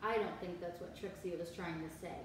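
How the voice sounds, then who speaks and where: A woman teacher reading a picture book aloud to children, animated and expressive with asides, heard from far off in an echoey room. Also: on the low side, a little fast, slight background noise.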